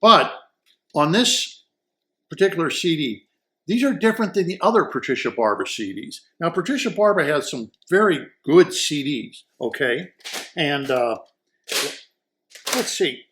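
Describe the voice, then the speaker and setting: Man, slightly higher voice, casual gear review, enthusiastic, rambling, repeats words. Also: very animated, a little slow, bright, forceful tone. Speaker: audio equipment reviewer. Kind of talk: casual product review talk.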